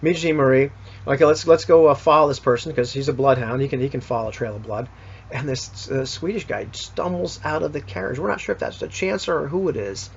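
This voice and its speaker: A man's voice: mid-range voice, fairly quick, creaky, slightly rough. A man recapping a tabletop game session in a rambling, casual way, full of fillers and restarts. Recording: dull lo-fi recording.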